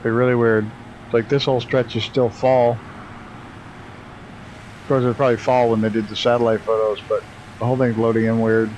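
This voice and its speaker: A man's voice: mid-range voice, little pitch movement, brisk, long pauses, a little mellow, lo-fi sound, slight background noise. Profane man streaming a flight sim. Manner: profane, laughs at himself, talks to chat while flying. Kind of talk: casual live-stream commentary.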